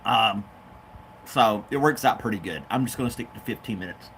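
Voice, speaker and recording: A man's voice: fairly low pitch, normal speed, a bit bright, slight background noise. A man hosting his own show, chatting casually and off the cuff, rambling between topics and talking to his dog. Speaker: podcast host. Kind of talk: casual chat.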